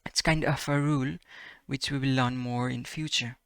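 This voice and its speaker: A man teaching a casual language lesson, repeating example words slowly and checking in with "right?" and "perfect" after each phrase. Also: medium pitch, steady tone, fairly bright tone, clean tone, dry recording, studio quality. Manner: slow, careful repetition of example words.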